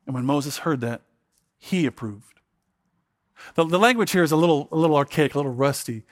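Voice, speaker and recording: A man's voice: fairly high pitch, brisk. A man preaching an expository sermon in a conversational way, often repeating words and asking his listeners questions. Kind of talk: expository sermon, Bible reading and commentary.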